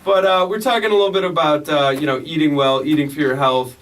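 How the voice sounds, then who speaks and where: A high-pitched man hosting a podcast, leaning on easy "uh" fillers as he steers the talk. He sounds set back from the microphone. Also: steady tone, fairly bright tone, far from the mic, low-quality recording. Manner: laid-back, drawn-out "uh" fillers. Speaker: podcast host.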